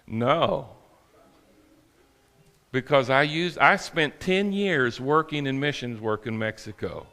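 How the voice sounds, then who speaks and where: A man's voice: medium pitch, animated, slow pace, pauses often, sharp tone, in a large hall. A male preacher giving a sermon with folksy, humorous storytelling. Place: church sanctuary.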